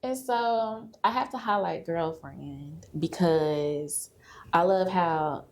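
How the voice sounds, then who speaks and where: A woman's voice: fairly low pitch, slow. A woman with a Texan accent hosting a casual podcast interview, affirming her guest and checking details of his story. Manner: affirming listener, clarifies the timeline. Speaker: podcast host.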